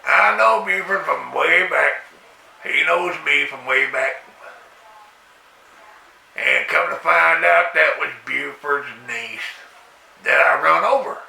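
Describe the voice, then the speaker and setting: A man telling a rambling comic story in a folksy way, breaking into loud exclamations. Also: slow, creaky, pauses often. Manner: folksy drawl with loud high-pitched exclamations. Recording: echoey room, distant mic.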